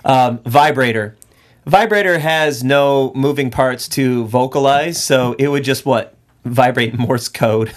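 A man co-hosting a podcast in casual chat, animated and laughing often as he jokes. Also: mid-range voice, slow pace. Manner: animated, laughs often, puts on silly voices. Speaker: podcast co-host.

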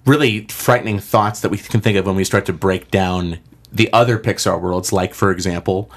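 A man with a lowish voice chatting on a podcast. He talks things through casually, dropping joking asides along the way. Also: fairly even intonation, normal speed. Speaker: podcast co-host. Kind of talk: casual chat.

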